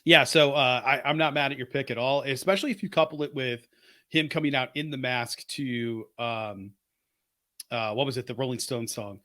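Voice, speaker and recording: A man talks through his picks in a casual podcast chat, eager and opinionated, thinking out loud as he goes. His voice sits in a middle range and comes across dry and close, with no room around it. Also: mid-range voice, moderate pace, dry recording. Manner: enthusiastic, opinionated, thinks aloud. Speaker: podcast co-host.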